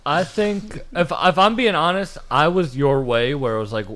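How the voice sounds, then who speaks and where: A man's voice: a little high, moderate pace, a bit bright. A man in his late twenties hosting a livestream, talking casually and bluntly, swearing freely as he encourages his guest. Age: late 20s. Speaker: livestream host. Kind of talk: casual conversation.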